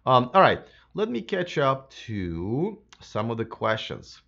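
A man hosting a live stream, chatting casually with lots of fillers and restarts, his voice a bit hoarse from a sore throat. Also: medium pitch, huge pitch swings, slow, fairly bright tone, lo-fi sound. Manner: rambling, many fillers and restarts. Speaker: livestream host.

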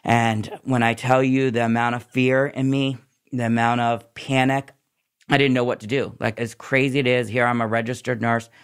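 This former nurse, interviewed on a podcast, candidly recounts his past and recovery in tumbling run-on sentences. His medium-pitched voice is clear and resonant, with a level tone and moderate pace.

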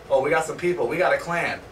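A man hosting live gameplay commentary, excitable, swearing and yelling at opponents. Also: fairly high pitch. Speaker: gaming channel host. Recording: distant mic, noisy background.

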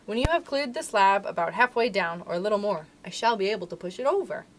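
A woman's voice: mid-range voice, animated, fast talker, a little hiss or hum, natural voice. A woman doing a brave young miner boy. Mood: urgent.

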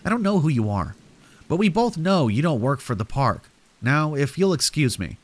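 A man's voice: on the high side, sing-song, moderate pace, voice pushed up. A man voicing a weary park worker in a horror story, curt, exasperated and defensive. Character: irritated, weary adult male park worker.

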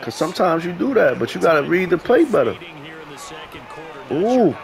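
A man trash-talking loudly and profanely at his opponent while playing a video game, laughing often. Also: sits high, very animated, moderate pace, creaky. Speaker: gamer.

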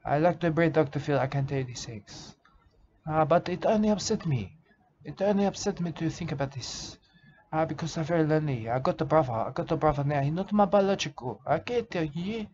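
A man playing a rambling, drunk bushman who talks in halting broken English, full of "uh" and repeated phrases, in an improvised comedic monologue, on a slightly dull lo-fi recording with faint hiss. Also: a little high, animated, a little mellow, lightly acted. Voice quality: broken grammar, calls listener "mate". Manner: halting, lots of "uh" and repeated "I can tell you".

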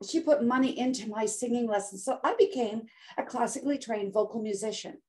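Older woman, dramatic storyteller, higher voice. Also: a little fast, darkish tone. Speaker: guest health coach. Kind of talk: storytelling interview.

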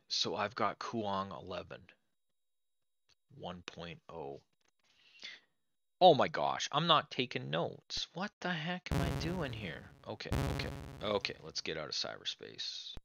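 A man hosting a let's play, chatting to viewers in a chatty, excitable way as he plays an old computer game. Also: fairly low pitch, vocal fry, no echo. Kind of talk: casual game commentary.

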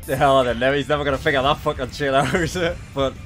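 A man hosting an anime reaction, swearing freely and shouting with disbelief. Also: mid-range voice, fairly even intonation, fairly quick, faint music behind. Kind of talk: reaction commentary.

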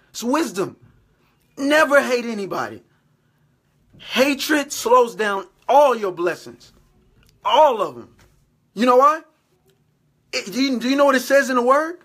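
A man's voice: very high voice, sing-song, normal speed, pauses often, pushed and bright, husky. A man giving motivational faith talk to his camera, exhorting and repeating himself, often checking in with "all right?". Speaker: faith vlogger.

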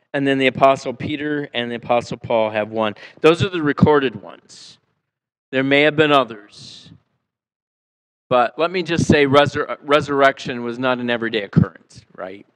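A male pastor preaching a sermon in a church, acting out quotes and swinging between loud and soft. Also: on the high side, clean tone, low-quality recording. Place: church sanctuary.

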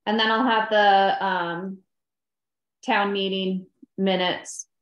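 A woman's voice: mid-range voice, steady tone, takes it slowly, a bit bright, highs cut off. A woman town clerk at a meeting, practically explaining procedure step by step. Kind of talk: casual meeting talk. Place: town office meeting room. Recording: roomy meeting-room sound.

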